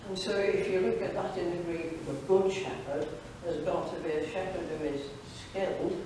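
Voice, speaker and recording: A woman's voice: lowish voice, fairly even intonation, normal speed, background noise. A woman giving a devotional talk at a church fellowship evening, reading a story aloud with chatty asides to the audience. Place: church hall. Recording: very echoey hall, distant mic.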